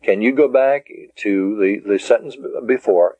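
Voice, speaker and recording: A man teaching a taped language lesson, speaking deliberately and spelling words out syllable by syllable. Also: on the low side, a little mellow, slightly rough, dry recording. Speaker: Greek teacher. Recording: dull lo-fi cassette tape.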